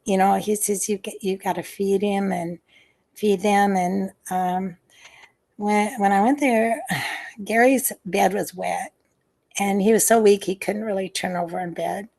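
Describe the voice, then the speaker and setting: With a steady tone, vocal fry and an unhurried pace, a medium-pitched older woman who was once a nurse recalls her past over a video-call interview. Her answers are hesitant, full of fillers and restarts, with soft sighs between.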